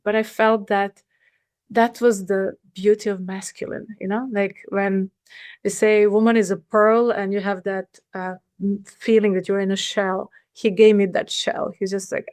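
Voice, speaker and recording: A middle-aged woman recounts a personal memory as an interview guest, speaking earnestly and haltingly, often restarting her sentences. Her voice sits at an ordinary middle pitch. The sound is close and dry, with no room echo. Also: a little mellow. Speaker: podcast guest.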